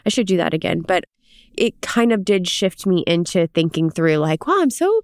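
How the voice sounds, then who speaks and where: A woman's voice: lowish voice, moderate pace, creaky, clean tone, no room sound, studio quality. A woman co-hosting a casual faith podcast, chatting with many fillers, reading scripture aloud and explaining it. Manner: chatty, many "like" fillers, animated when retelling. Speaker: podcast co-host.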